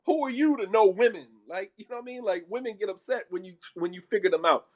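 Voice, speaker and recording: An Islamic speaker gives a blunt, emphatic talk on marriage, blending casual street talk with Arabic phrases. His voice sits high and a little mellow, and he speaks fast.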